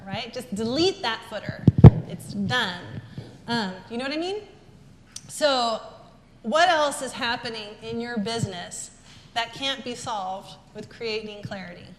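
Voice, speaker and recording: Woman speaker, fairly high voice, emphatic and animated, live talk, roomy hall sound with faint ambience. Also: unhurried, a little hiss or hum. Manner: animated and emphatic, with quoted asides. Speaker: business speaker.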